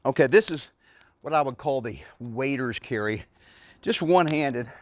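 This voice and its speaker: Demonstrating heavy carrying exercises in his backyard, a fitness coach in his forties speaks casually in an animated, mid-range voice at normal speed. He is out of breath, grunting and sighing with effort between sentences.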